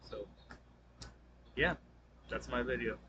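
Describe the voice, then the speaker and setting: A man's voice: medium pitch, highs cut off, noisy background. Young man rambling through a class summary. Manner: rambling, many fillers and restarts; talks fast, by his own account. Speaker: student presenting a class assignment. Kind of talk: casual spoken summary.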